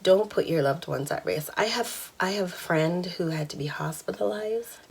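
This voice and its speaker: A woman's voice: on the low side, moderate pace, creaky, husky. A woman in her thirties telling a personal story in a candid, chatty vlog, laughing now and then. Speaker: vlogger.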